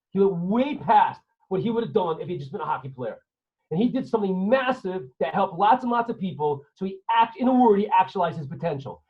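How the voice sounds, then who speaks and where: A man, a rabbi, giving an animated storytelling lesson to students and firing questions at them over a video call. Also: sits high, husky. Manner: animated, asks listeners questions, acts out scenes. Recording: dull lo-fi online audio.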